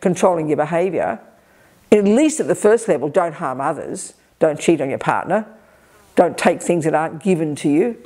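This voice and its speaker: Older aussie woman teaching a buddhist retreat, punchy and direct, mellow dark voice. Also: low voice, normal speed. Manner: energetic, direct, lively emphasis. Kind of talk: Dharma teaching with audience questions. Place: retreat hall.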